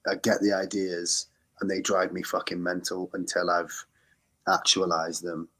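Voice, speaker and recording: A very deep-voiced English man talks in a casual podcast interview. He rambles and corrects himself mid-sentence, earnest about why he makes music. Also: little pitch movement, normal speed, fairly bright tone. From England. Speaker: guest musician.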